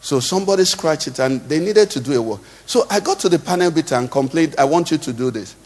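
A Nigerian pastor with a notably high voice delivers his sermon in a rhythmic, singsong cadence. He keeps turning to the congregation with questions. The sound carries a long reverb from the church hall. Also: animated, fast, darkish tone. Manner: rhetorical questions to the congregation, sing-song cadence.

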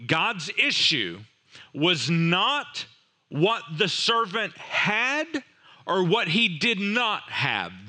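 A man's voice: high voice, pushed and bright. A man preaching a sermon, retelling a parable dramatically with rhetorical questions and voiced characters. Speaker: pastor.

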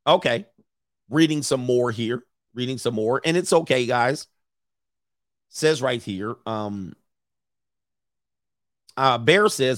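A man hosting a live commentary, reading messages aloud and reacting to an audience in the room with blunt, profane, animated asides. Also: medium pitch, slow, long pauses, dry recording, clean studio sound. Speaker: commentary host.

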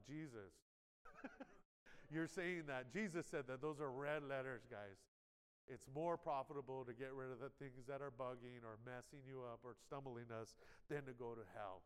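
This male pastor speaks at a medium pitch and an ordinary pace, his tone clean, during a live sermon in a big reverberant church hall. His preaching feels like conversation, full of "amen" prompts and check-ins with the audience, and he dramatizes imagined inner voices with sharp jumps in volume.

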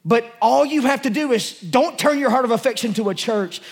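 A male pastor with an extremely high-pitched voice preaches fairly quickly to his congregation during a church service. He's passionate and emotional, speaking loosely and conversationally with many restarts.

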